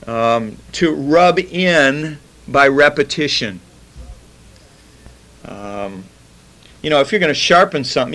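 A man giving an informal Bible teaching, chatting plainly between slow, deliberate scripture readings. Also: a little high, a bit bright, rough recording. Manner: conversational, reads scripture slowly, repeats key words. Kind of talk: informal sermon.

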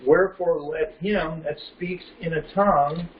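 In a sermon that works verse by verse, a Bible teacher with a slightly high voice and fairly even intonation reads deliberately and slowly, raising questions for his listeners and answering them himself. His distant, echoing sound comes through a dull, lo-fi recording with faint background hum.

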